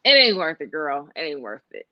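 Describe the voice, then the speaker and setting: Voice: medium pitch, big pitch swings, fairly quick, dry recording. A co-host making blunt, short remarks in casual chat, recorded with a dull, dry sound.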